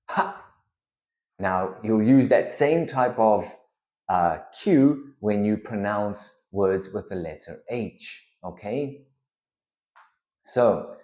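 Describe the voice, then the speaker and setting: Slow, mellow-voiced male pronunciation teacher. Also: fairly low pitch. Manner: deliberate, patient, clearly enunciated. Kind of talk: slow instructional explanation. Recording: echoey room.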